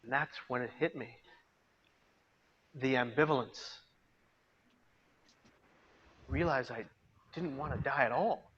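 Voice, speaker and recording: A man giving a personal testimony as a peer mentor, storytelling dramatically and swinging between hushed and loud delivery. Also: mid-range voice, moderate pace, dull audio, a little hiss or hum. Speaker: peer mentor and suicide prevention speaker. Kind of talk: personal testimony to a live audience. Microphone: video call.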